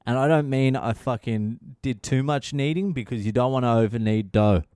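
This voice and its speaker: A tired man, a comedian, telling a casual, profane story as a podcast host, exasperated and quick with swearing. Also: mid-range voice, darkish tone, smooth, no room sound, clean studio sound. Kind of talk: casual solo monologue.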